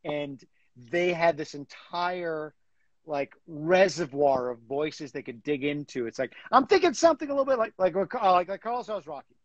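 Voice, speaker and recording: A man chatting as a guest in an interview, animated and full of fillers and restarts. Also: a little high, normal speed, no room sound, dull audio. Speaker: guest, comic book writer. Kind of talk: casual interview chat.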